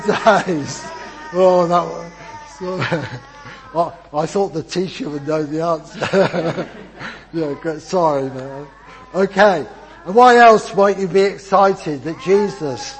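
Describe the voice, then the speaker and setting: An older man, a grandfather, leading a lively children's talk in church and drawing the congregation in. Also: on the high side, rough recording. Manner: chatty and encouraging, with frequent restarts. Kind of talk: informal church talk with audience participation.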